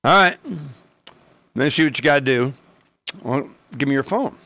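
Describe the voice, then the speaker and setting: A man's voice: medium pitch, lively intonation, normal speed, bright, forceful tone, no echo. A man rambling through a casual story, acting out both sides of the conversations in his own voice.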